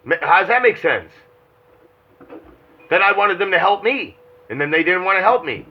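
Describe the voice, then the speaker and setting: Slightly high husky guy on a dull phone line, rambling and cussing. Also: very animated, normal speed. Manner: rambling, swearing, self-reflective. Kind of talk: casual phone chat. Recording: muffled lo-fi phone call.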